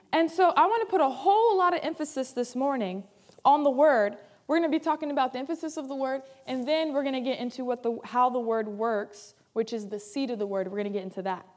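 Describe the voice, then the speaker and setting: Preaching with emphasis in a high voice, a female pastor talks a little fast, repeating key phrases as she swings from loud to soft.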